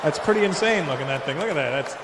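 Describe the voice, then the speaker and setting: Man, stand-up comic, crowd work, higher voice, faint ambience. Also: animated, fast, noisy background. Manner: chats with the crowd, jumps into silly put-on voices. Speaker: stand-up comedian. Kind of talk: stand-up routine. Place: large comedy venue with a live audience. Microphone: handheld stage mic. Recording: roomy hall, long reverb.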